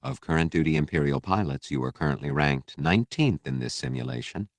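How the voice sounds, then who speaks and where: A man voices a flight-simulator computer in an audiobook, reading out numbers in a flat, mechanical way. The voice is very low and dry, heard close up. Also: fairly quick, vocal fry, no echo, exaggerated voice.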